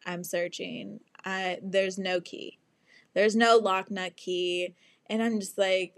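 A young woman hosting a podcast, telling a story in a casual, animated and dramatic way, swearing freely and acting out other people's lines. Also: medium pitch, a little slow, creaky, no room sound, studio quality. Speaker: podcast host.

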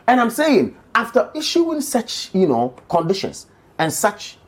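A panelist arguing a party position emphatically, repeating key phrases. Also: a little slow. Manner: emphatic, repeats phrases, lively swings in pitch. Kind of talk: political panel discussion.

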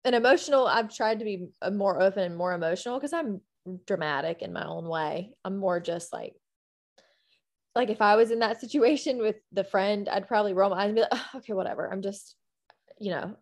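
Young female co-host, candid and self-deprecating, mid pitch. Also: fairly quick. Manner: candid, self-deprecating, quotes herself in voices. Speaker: podcast co-host. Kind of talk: casual faith conversation.

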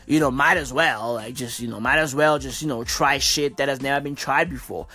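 A woman's voice: very deep voice, a little fast, sharp tone, voice pushed down, heavily acted. A woman voicing a weary male politician who wants to quit, mumbling and rambling with many fillers. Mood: sly, mumbling.

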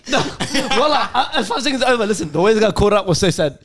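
A young man co-hosting a podcast, excitable and joking, laughing often and swearing freely. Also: high-pitched, fast talker, crowd noise. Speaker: podcast co-host. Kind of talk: joking group chat.

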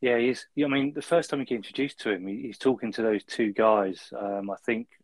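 A man's voice: fairly low pitch, brisk, no room sound, poor audio. A man co-hosting a film review podcast, easygoing and chuckling, ending points with tag questions. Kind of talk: casual chat.

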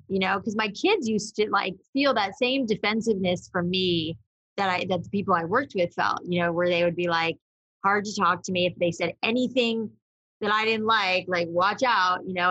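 A woman's voice: lowish voice, fairly bright tone, slightly rough, dry recording, highs cut off. A woman co-hosting a podcast, talking frankly and rambling with lots of fillers and the odd swear word. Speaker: podcast co-host. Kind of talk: candid conversational chat.

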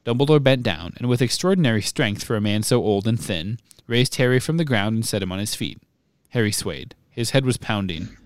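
A podcast host reading a book chapter aloud in measured, even narration. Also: male voice, on the low side, dry recording, clean studio sound.

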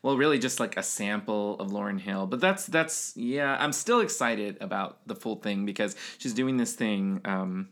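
A man's voice: lowish voice, normal speed, hardly any pauses, a bit bright. Chatty man gushing about pop music. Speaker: podcast co-host. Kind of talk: casual chat.

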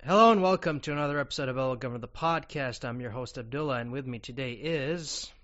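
A man hosting a podcast, asking questions in a casual interview, often halting and restarting. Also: mid-range voice, dull audio. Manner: fast, loud opening, then halting questions. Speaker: podcast host.

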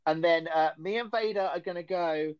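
A man's voice: fairly high pitch, normal speed, clear, resonant tone, dry recording, muffled recording. Giggly man with an Essex accent. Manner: giggly, playful, frequent laughter. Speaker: podcast host. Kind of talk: casual live-stream chat.

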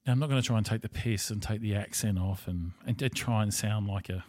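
A man's voice: lowish voice, fast talker, a little mellow, dry recording, clean studio sound. An Australian man rambling through a casual monologue as a podcast host, blunt and profane.

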